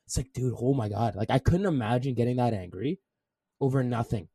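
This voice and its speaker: A man's voice: medium pitch, expressive, a little fast, mellow. A young man in a casual podcast chat, telling laid-back anecdotes with plenty of swearing.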